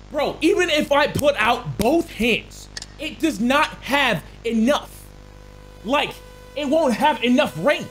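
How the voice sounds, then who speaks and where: A young man commentating a horror game, excitable and loud, swearing and yelling at the game, with game music playing behind him. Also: extremely high pitch, slow pace, slight background noise. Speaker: gaming streamer.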